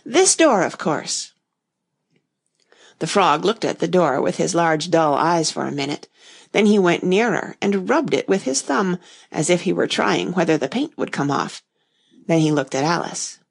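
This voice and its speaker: A woman reading a children's storybook aloud in a gentle, measured way. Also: fairly low pitch, animated, gravelly. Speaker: narrator.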